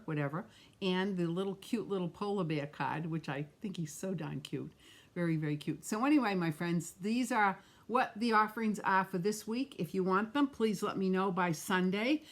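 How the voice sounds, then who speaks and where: A middle-aged woman, chatting with viewers by name while demonstrating a card-making craft on a live stream. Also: on the low side. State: has the hiccups.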